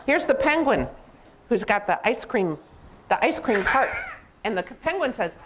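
Brief: gentle, lively children's storyteller, slow and very expressive, woman in a congregation hall. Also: fairly high pitch, slight background noise. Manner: gentle, animated storytelling to kids. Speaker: religious education director reading to children.

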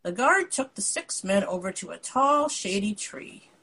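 Husky woman storyteller with a lively, swooping read-aloud delivery; reads the book aloud and chats between pages. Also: mid-range voice, measured pace, rough recording. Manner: expressive read-aloud with casual asides. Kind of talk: reading a picture book aloud.

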